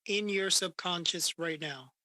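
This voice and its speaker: A man hosting a comedy podcast, chatting casually with deadpan jokes. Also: high voice, a little slow. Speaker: podcast host. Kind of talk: casual chat.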